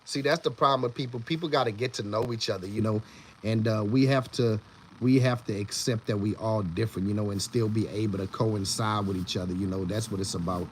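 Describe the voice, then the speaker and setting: A man's voice: lowish voice, fairly even intonation, brisk, slight background noise. Rambling man chatting on a live stream. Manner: rambling, with many restarts and repeated words; greets chat viewers by name. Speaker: livestream host. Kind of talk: casual live-stream chat with viewers.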